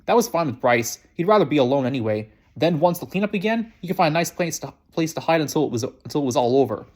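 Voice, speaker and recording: Man, read-aloud of a kids' novel, quick pace, slightly high voice, stumbles and restarts. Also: lively intonation, darkish tone. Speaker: reader. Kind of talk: reading a children's novel aloud.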